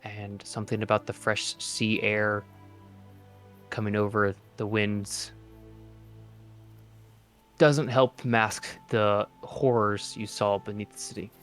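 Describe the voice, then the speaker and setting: Game master, man, low voice, laid-back halting narration, soft music under. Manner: relaxed, halting, with frequent "uh".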